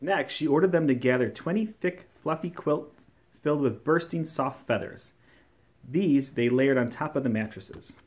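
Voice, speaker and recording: A man reading a classic children's story aloud, telling it in a warm, expressive storytelling manner. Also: medium pitch, normal speed. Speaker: storybook reader.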